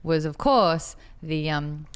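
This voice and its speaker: Wry low-voiced woman. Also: takes it slowly, clear, resonant tone. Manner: wry, deadpan jokes. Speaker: show co-host. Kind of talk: casual chat.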